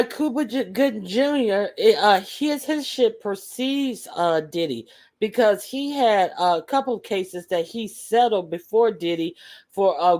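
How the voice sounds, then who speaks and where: A woman's voice: mid-range voice, a little mellow. A woman in casual chat, blunt and opinionated.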